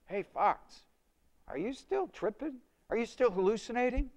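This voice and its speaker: A preacher acting out jeering teenage party friends who shout and taunt in a high, loud voice. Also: male voice, lively intonation, normal speed. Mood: mocking.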